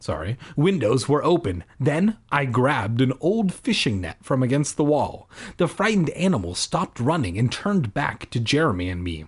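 A man's voice: mid-range voice, big pitch swings, normal speed, few pauses, slightly rough. A man reading a children's book aloud, cutting in with sarcastic jokes. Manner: sarcastic, jokey interruptions. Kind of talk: comedic book reading with asides.

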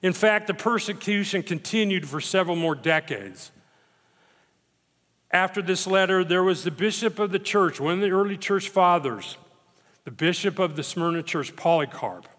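A man preaching a sermon as pastor, emphatic and dramatic, slowing down to stress repeated phrases. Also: high-pitched, a bit bright. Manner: emphatic, dramatic retelling with slow stressed repetitions. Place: church sanctuary. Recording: long reverb of a church hall.

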